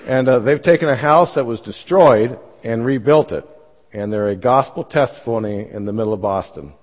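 A man's voice: mid-range voice, moderate pace. A man in his fifties, a pastor telling his own story in church, folksy and self-deprecating with many fillers. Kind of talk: church talk with personal testimony. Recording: dull sound, long church reverb.

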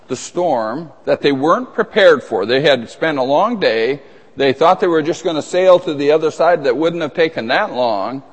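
A man preaching a sermon in a conversational, emphatic way, with asides and restarts. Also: medium pitch. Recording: long reverb of a large hall.

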